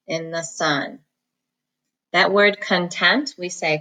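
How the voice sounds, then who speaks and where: A woman teacher giving an online phonics lesson, dictating sentences slowly and sounding out each syllable. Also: lowish voice, fairly bright tone, rough recording. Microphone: recorded at a computer for students at home.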